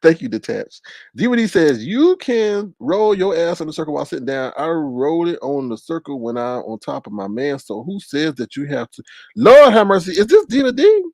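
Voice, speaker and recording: A man hosting a casual live-stream commentary, animated and laughing, with exaggerated high-pitched repeats of words. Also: normal speed, dry recording. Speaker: commentary channel host.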